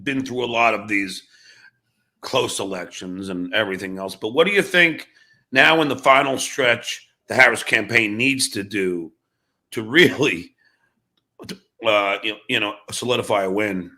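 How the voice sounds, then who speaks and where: Running a livestream of political chat and storytelling, a middle-aged host swears heavily and keeps stammering and restarting. His voice sits on the low side, bright and forceful, at a slightly slow pace.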